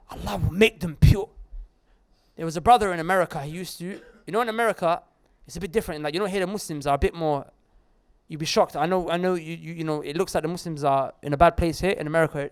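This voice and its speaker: A man preaching a lively sermon to a live audience in an Islamic centre, joking with the crowd and addressing it directly. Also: fairly high pitch.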